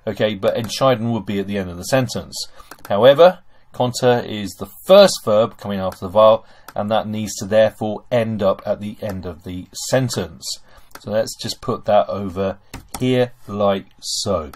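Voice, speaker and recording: A man's voice: fairly low pitch, moderate pace, a little mellow. A man teaching German grammar over a screen recording, chatty and full of okays and fillers.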